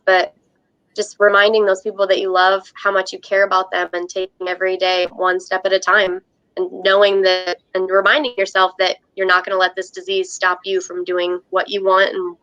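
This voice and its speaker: A woman's voice: medium pitch, level tone, moderate pace, fairly bright tone, lo-fi sound. A young woman speaking as a guest in a casual interview, earnest and emotional, with small laughs.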